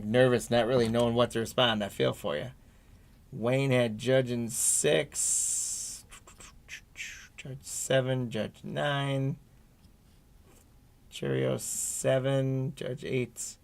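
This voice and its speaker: An unhurried man hosting a live card break stream, reading card after card in a measured, drawn-out way. His voice sits at an ordinary middle pitch, and he drops in easygoing asides to viewers between pulls. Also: creaky. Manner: unhurried, reads card names off one by one, friendly asides to viewers.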